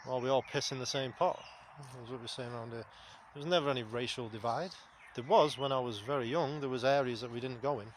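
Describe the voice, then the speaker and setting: A man's voice: medium pitch, fairly even intonation, a little fast, slight background noise. A man, talking to camera in a blunt, rambling, sweary monologue. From England. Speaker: vlogger. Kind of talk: casual spoken monologue.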